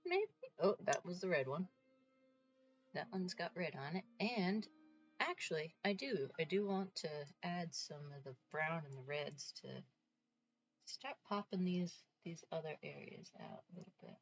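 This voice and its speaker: A woman's voice: fairly low pitch, animated, unhurried, dull audio, soft background music. A woman from the Northeastern US chatting casually to her stream while she paints, rambling and talking to herself.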